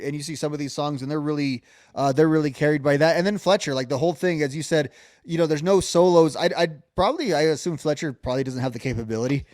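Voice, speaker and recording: On a relaxed music podcast, this male co-host wanders through his points with many restarts and fillers and occasionally hums melodies. His voice is a little high and a little mellow, recorded at studio quality without echo.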